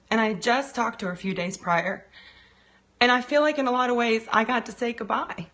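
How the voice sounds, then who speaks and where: A woman working as a financial and business coach greets viewers by name on a live stream, then talks earnestly and heartfeltly about loss while fighting back tears. Her voice is mid-range with a fairly bright tone.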